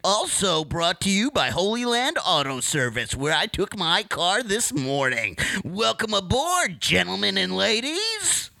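A man putting on a slow, exaggerated radio host voice for a joke ad read. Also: high voice, big pitch swings, creaky, bright, forceful tone, no room sound, full character voice. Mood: grandiose. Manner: slow, exaggerated announcer cadence. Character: smooth male radio host, mock-grand.

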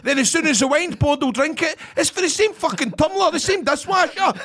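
A man's voice: very high voice, brisk, hardly any pauses, fairly bright tone. A Scottish man co-hosting a podcast, telling a rambling, exasperated story with a lot of swearing. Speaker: podcast co-host. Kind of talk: casual storytelling chat.

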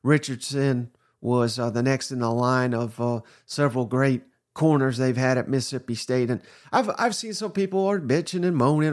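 A man hosts a sports podcast in a casual, opinionated way. His voice sits at a middle pitch, and he rants with animated energy, laughing and cursing now and then. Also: normal speed. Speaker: podcast host.

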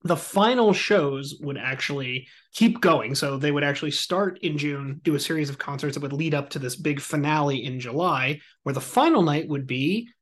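A man hosting a podcast, telling a story in a casual, animated and joking way. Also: fairly high pitch, normal speed, hardly any pauses. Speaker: podcast host.

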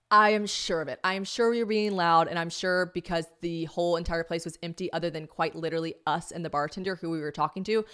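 Young woman, podcast host, animated storytelling, slightly low voice, chatty, swears. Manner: animated, swearing, lots of "like", acts out quoted voices. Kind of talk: casual storytelling monologue.

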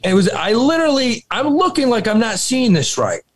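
Animated man telling a wild story. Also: very high-pitched, fairly quick, a crowd in the background. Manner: animated, swearing, laughing storyteller. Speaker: podcast co-host. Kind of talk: casual storytelling.

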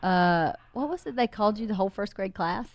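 A woman's voice: mid-range voice, expressive, brisk. A woman on a podcast talking casually about her family and adding short remarks. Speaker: podcast guest. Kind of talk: casual chat.

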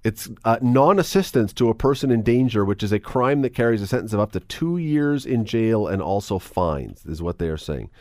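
A man hosting a talk radio show, chatty and animated, with quick asides. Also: on the low side, no echo, clean studio sound. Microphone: studio microphone.

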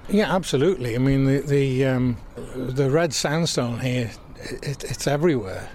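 A man's voice: medium pitch, moderate pace, darkish tone, slight background noise. An older man with a mild Southwest Lancashire accent, reminiscing outdoors in an interview, stumbling and repeating words as he recalls. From England. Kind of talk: reminiscing in casual conversation. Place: outdoors by a church in a town.

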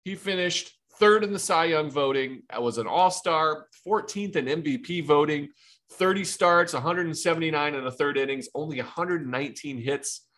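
A man's voice: a little high, moderate pace, fairly bright tone. A man co-hosting a podcast, a former player talking casually and laughing easily. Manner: laid-back, chatty, laughs easily. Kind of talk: casual sports chat.

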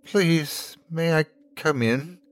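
A man's voice: a little high, takes it slowly, no echo, pitched above the performer's own voice. A man voicing a frightened, bloodied little girl who speaks sweetly and delicately, shivering from the cold. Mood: pleading. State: teeth chattering from cold.

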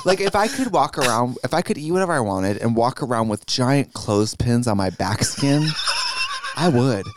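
A man trading dry, bawdy jokes as a podcast co-host, his mid-pitched voice moving a lot in melody. A faint noise sits under the recording. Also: lively intonation, normal speed. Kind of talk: casual comedic chat.

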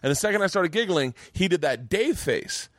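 A man hosting a casual podcast chat with a fellow comedian, telling stories in an animated, swearing way with stammering restarts. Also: high-pitched, fairly quick, no echo, studio quality. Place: home mancave.

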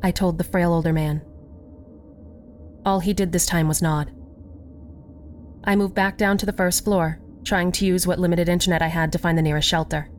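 Casting: female horror narrator, lower voice, unhurried and measured, faint music underneath. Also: steady tone. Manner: slow, measured storytelling. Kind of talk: scripted horror story narration.

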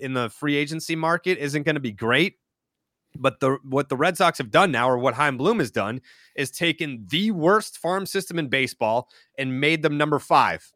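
A man's voice: medium pitch, bright, forceful tone, no echo, clean studio sound. A man in his thirties, a podcast guest in casual chat, rambling and leaning on filler words. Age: 30s. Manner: rambling, heavy use of "like" filler.

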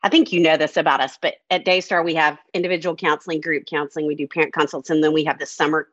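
Low-voiced, reflective woman counselor. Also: steady tone, quick pace, fairly bright tone, dry recording, highs cut off. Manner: reflective, candid, with restarts. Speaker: counselor and camp director. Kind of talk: podcast conversation.

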